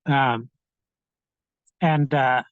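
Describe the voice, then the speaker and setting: A middle-aged man, a podcast guest, tells his personal story candidly in a halting way, with frequent restarts and fillers. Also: medium pitch, steady tone, dry recording, narrow, tinny audio.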